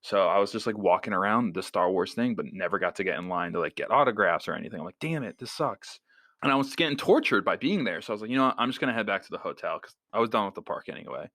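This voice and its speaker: A man's voice: fairly low pitch, dry recording. A young man in his twenties, a podcast co-host, telling a story in casual chat, full of fillers and acted-out quotes. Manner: animated storyteller, many fillers, acts out quoted voices.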